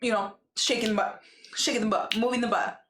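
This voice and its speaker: A woman giving a casual, gossipy show recap, chatty and acting out what people said in lively voices. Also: on the high side, fairly quick, echoey room, slight background noise. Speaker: recap vlogger.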